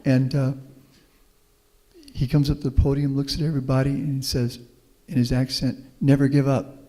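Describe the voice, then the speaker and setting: A man's voice: mid-range voice, little pitch movement, normal speed, dark tone. Folksy Texan-born man in a reverberant hall. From Houston, Texas. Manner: folksy, anecdotal, optimistic. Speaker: guest speaker, professor. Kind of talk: public talk with Q&A. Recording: long reverb of a meeting hall.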